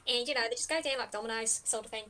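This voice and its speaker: A woman narrating a tabletop game as game master, lively and chatty. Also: a little high, racing.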